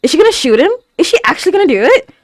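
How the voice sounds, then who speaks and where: A woman's voice: very high-pitched, sing-song, racing, no room sound. A woman hosting a reaction video, talking over an anime episode with gasps, stammers and constant exclamations. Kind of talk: live anime reaction commentary.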